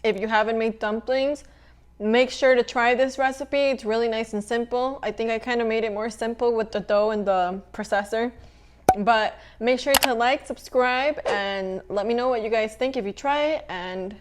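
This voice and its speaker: A young woman with a somewhat high voice walks viewers through a home cooking video. She keeps it chatty and relaxed, talking casually as she cooks and tastes the food. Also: normal speed, a little hiss or hum. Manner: chatty, relaxed, talks while cooking and eating. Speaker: cooking channel host.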